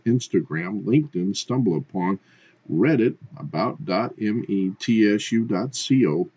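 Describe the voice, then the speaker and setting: Brisk, husky, low-voiced male announcer. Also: a little mellow. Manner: brisk, listing web addresses. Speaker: radio announcer. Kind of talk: station announcement. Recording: dull lo-fi broadcast audio.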